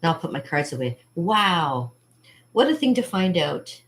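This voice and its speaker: A woman hosting her own channel chats casually and rambles from one thought to the next. She laughs often and acts out what other people said. Her voice sits a little low. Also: very animated, a little slow, noisy background. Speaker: channel host. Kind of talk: casual vlog chat.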